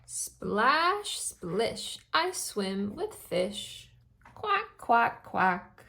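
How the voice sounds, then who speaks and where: A woman's voice: fairly high pitch, very animated, very slow, vocal fry, pushed and bright, heavily acted. Ducky, a woman reading as a cheerful little duckling. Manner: sing-song storybook reading.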